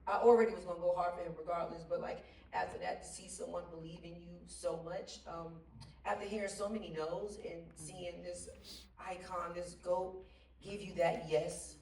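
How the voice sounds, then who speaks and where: A woman on a panel telling a lively, slangy anecdote, laughing often and mimicking others' voices. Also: on the low side, moderate pace. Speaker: actress on a panel. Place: stage at a theater Q&A. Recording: roomy hall, distant mic, faint noise.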